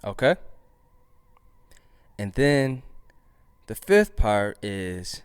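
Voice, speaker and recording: A man teaching a drum lesson in a relaxed, chatty way, counting rhythms out loud. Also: lowish voice, drawn-out words, pauses often, loud music behind the voice.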